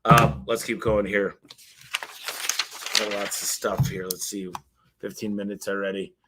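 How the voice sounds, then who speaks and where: A man hosts a live Q&A stream in a loose, conversational way, swearing now and then and reading lists aloud. His voice sits a bit low. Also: flat delivery, a little slow, very noisy. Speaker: host answering live questions. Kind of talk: casual live Q&A.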